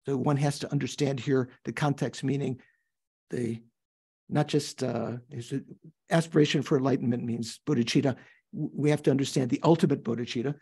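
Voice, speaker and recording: An older man teaching a class on a Buddhist text, reading passages aloud and explaining them in a thoughtful, halting way, with questions to his students. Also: medium pitch, steady tone, vocal fry, warm tone, breathy edge.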